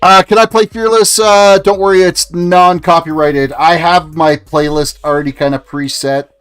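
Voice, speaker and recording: Forties Canadian man, game streamer, chatty running commentary, faint music under him, a touch high-pitched. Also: steady tone, moderate pace, a bit bright, clean tone. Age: 40s. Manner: chatty, answering chat aloud. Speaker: gaming livestreamer. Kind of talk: casual gameplay commentary.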